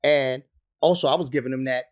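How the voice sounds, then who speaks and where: A man's voice: medium pitch, fairly even intonation, a little fast. A man, a rapper telling stories in an interview, profane and laughing often. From the Bronx, New York. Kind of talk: animated storytelling in an interview.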